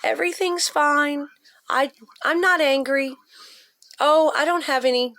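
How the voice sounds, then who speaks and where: A woman's voice: sits high, measured pace, sharp tone, dry recording, voice pushed up, full character voice. A woman mimicking a falsely cheerful woman who insists she is never angry. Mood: mock-sweet. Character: sugary falsely cheerful woman denying anger. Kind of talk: mocking impression.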